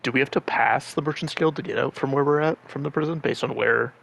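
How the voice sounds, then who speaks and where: A man's voice: medium pitch, fast talker, gravelly, a bit bright, low-quality recording. A man playing in a tabletop game, planning bluntly and swearing casually. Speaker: player.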